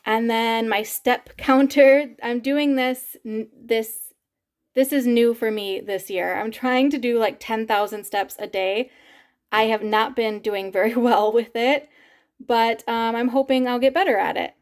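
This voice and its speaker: A woman's voice: a little high, steady tone, a little slow. A woman in her thirties vlogging casually to camera, chatty and laughing often between words. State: teary, crying while laughing. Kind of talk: casual vlog talk to camera.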